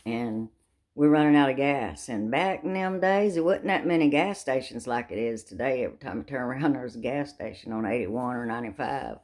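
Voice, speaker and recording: A woman's voice: extremely low pitch, animated, fairly quick, a little mellow. An older woman telling a funny family story in a folksy way, with sound effects. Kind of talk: casual storytelling.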